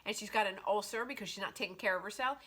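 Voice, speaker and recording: Bright-voiced chatty woman reviewing books. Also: medium pitch, very fast, breathy edge. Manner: chatty and animated, heavy use of "like". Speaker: book reviewer. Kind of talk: casual book review vlog.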